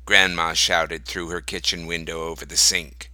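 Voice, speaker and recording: Male narrator reading a story, slow and deliberate, sharp bright tone, dry close sound. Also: deep voice, level tone, no echo, low-quality recording. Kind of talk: reading a short story aloud.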